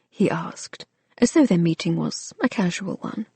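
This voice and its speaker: A woman reading a romance novel aloud as an audiobook narrator, in a measured, soft-spoken way. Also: lowish voice, gravelly, breathy edge, no echo.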